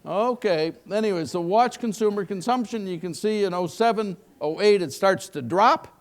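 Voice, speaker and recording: Speaking at normal speed in a high voice, an older man delivers a live economy keynote full of anecdotes. His style is folksy and joking, and he puts questions to the audience.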